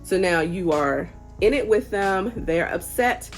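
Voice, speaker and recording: A young adult woman giving casual parenting advice to camera in an earnest, gently encouraging, conversational way. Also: lowish voice, lively intonation, unhurried, soft background music. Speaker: parenting vlogger.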